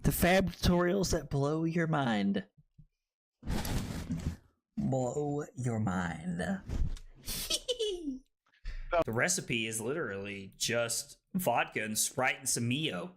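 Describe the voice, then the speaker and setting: A tipsy man streaming a card game, loud and joking, laughing often as he chats with viewers. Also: mid-range voice, animated, slow pace. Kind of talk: rowdy livestream chat.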